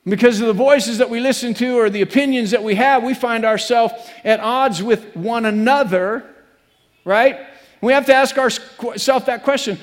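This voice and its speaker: A man's voice: extremely high pitch, expressive, unhurried. A man preaching a sermon as pastor, earnest and repetitive, building to emphatic peaks. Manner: earnest, repeats phrases, rises to emphatic peaks. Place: church sanctuary. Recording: long reverb of a church hall.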